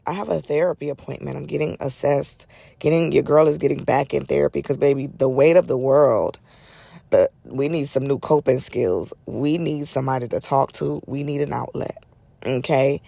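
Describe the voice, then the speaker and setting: A woman's voice: low voice, gravelly, darkish tone, no room sound. A middle-aged woman hosting a solo podcast in casual, chatty talk, her nose a little stuffy, with folksy asides. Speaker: podcast host.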